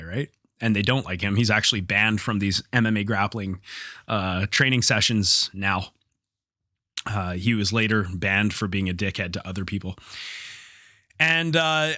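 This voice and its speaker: Bright-voiced man telling a heated story. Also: lowish voice, a little fast, no room sound, studio quality. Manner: animated, profane, acts out quoted dialogue. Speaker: podcast host. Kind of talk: casual storytelling.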